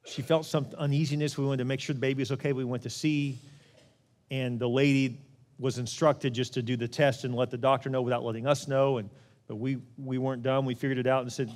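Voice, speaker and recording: A middle-aged male pastor preaching a sermon, telling a personal story in an earnest way that swings from loud and fired up to quiet and hushed. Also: medium pitch, flat delivery, a little fast.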